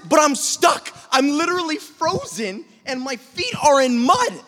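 A man telling a lively personal story in a sermon, sometimes imitating gunfire and shouting. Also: very high voice, moderate pace. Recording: long reverb of a hall.

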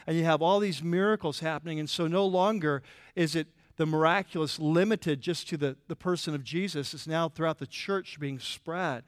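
A man preaching a sermon in a church, conversational and animated, with frequent restarts and filler words. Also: on the high side, normal speed, smooth, no room sound, studio quality. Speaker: pastor.

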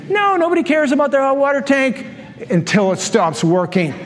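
High-voiced animated male pastor. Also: a little fast, big-room sound. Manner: animated storytelling with acted-out quotes. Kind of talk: sermon.

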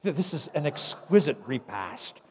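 A man's voice: on the high side, very animated, normal speed, a little mellow. Man imitating a gushing, courtly old professor. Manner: flowery, ornate gushing praise. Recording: echoey hall.

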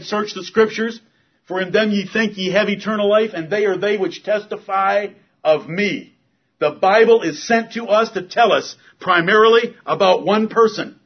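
Pastor, male, husky voice, insistent sermon delivery, muffled lo-fi church recording. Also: high voice. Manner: forceful, repetitive preaching cadence.

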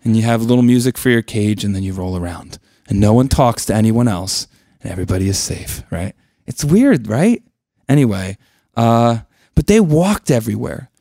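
A man's voice: mid-range voice, lively intonation, moderate pace, mellow, dry recording, clean studio sound. A man leading a Bible study in a casual teaching style, conversational, with joking asides and questions to the group.

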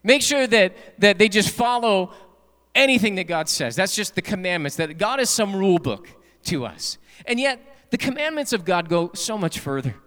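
Lively preacher in a reverberant church. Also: male voice, high-pitched, normal speed. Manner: animated, rhetorical, asks the congregation questions. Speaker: pastor. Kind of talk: sermon. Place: church sanctuary at a Wednesday night service.

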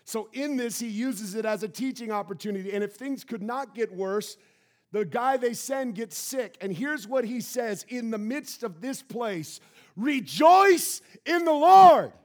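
Pastor guy preaching, pretty high voice, gets loud and punchy on key lines. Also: moderate pace. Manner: preaching with sudden shouted emphasis. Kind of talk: sermon. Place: church sanctuary.

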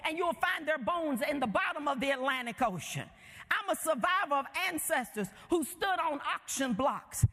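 High-voiced woman preaching in a hall. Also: a bit bright. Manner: rhythmic, emphatic preaching. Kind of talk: sermon.

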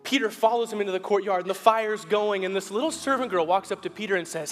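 A man preaching a sermon as pastor. He moves between hushed, slow storytelling and rising, forceful appeals, and acts out the Bible characters' lines in a casual, buddy-like voice. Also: high-pitched, soft background music. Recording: long hall reverb.

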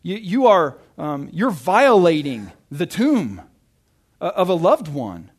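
A man's voice: high-pitched, big pitch swings, slow pace, slightly rough. Chatty young man preaching casually. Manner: chatty, self-interrupting, often asks "right?". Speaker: pastor. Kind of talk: casual sermon with Bible reading.

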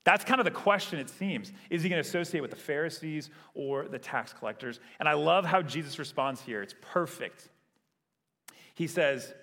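A man's voice: on the high side, animated, brisk, a bit bright, in a large hall. A man preaching a sermon in a conversational way, often checking in with "right?". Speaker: pastor.

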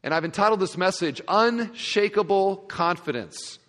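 Male pastor, sermon, expressive, quiet asides and loud emphasis, slightly high voice, long hall reverb. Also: moderate pace. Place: large church sanctuary.

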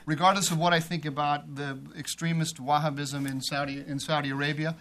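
A man's voice: on the high side, little pitch movement, brisk, a bit bright, a little hiss or hum. Emphatic male policy panelist. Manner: emphatic, repeats phrases while building an argument.

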